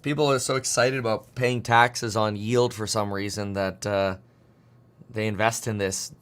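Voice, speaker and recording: Man in his 30s, casual livestream host; quick, rambling, jokey delivery while working charts. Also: fairly low pitch, steady tone, fairly bright tone, clear, resonant tone. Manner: fast, rambling, jokey, talks to himself while clicking charts. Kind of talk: casual market commentary livestream.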